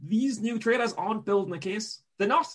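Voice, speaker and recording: Emphatic fast-rambling man, trading coach. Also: high-pitched. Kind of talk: casual podcast chat.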